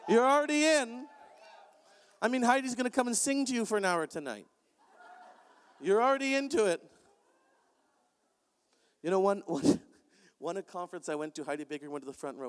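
A man preaching an energetic sermon in a large church, animated and joking with bursts of shouting. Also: high voice. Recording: long hall reverb.

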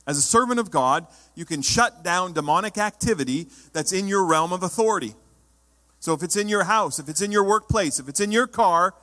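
A male pastor preaching with emphatic force, his voice ringing bright and forceful and raised above the usual male range. His words carry a long reverb, as if heard in a large church sanctuary. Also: high-pitched. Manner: emphatic, rising to loud exhortation. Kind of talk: sermon.

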